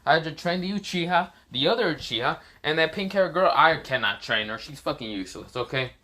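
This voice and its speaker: A man's voice: a little high, animated, brisk, bright, forceful tone, voice pushed up. A man voicing a cocky, foul-mouthed male sorcerer teacher who boasts and insults casually. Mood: mocking. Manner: boastful, swearing.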